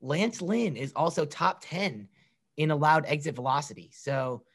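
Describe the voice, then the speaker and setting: A man co-hosting a casual sports podcast, excitable and prone to stammered restarts. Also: fairly high pitch, a little slow. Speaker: podcast co-host.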